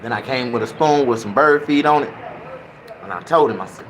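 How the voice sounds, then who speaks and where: Crude, animated storytelling man. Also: medium pitch, a little fast, background noise. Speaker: comedic storyteller. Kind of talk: casual profane anecdote.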